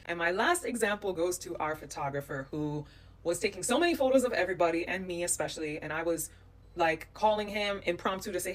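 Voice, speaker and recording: A woman's voice: on the low side, a little fast, recorded from a distance. A woman from the United States telling a travel story in a vlog, animating it with quoted voices. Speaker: vlogger recounting a trip.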